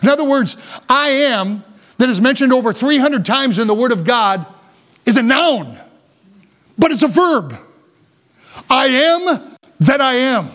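A male pastor preaching a sermon emphatically, drawing out key phrases slowly and chuckling now and then. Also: sits high, fairly bright tone.

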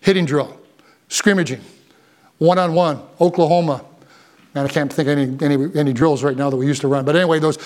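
Man, older, pastor, high voice, fervent sermon delivery. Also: fairly even intonation, fairly quick. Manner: impassioned preaching, rising to near shouts.

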